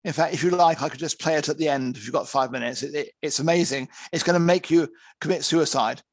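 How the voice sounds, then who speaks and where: A man teaching conference interpreters in an online lecture, speaking in lively, emphatic short phrases with some restarts. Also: a little high, quick pace, dry recording. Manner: lively, emphatic, counts out examples.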